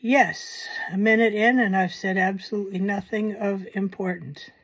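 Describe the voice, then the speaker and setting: A woman's voice: mid-range voice, fairly even intonation, moderate pace. A woman hosting a paranormal channel, talking in a casual, rambling commentary with wry, self-mocking asides.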